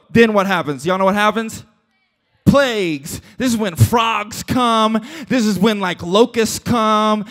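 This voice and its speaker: A man preaching a casual, joking sermon as a pastor, retelling a story with quick asides and playful voices for its characters. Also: high voice, animated, fairly bright tone.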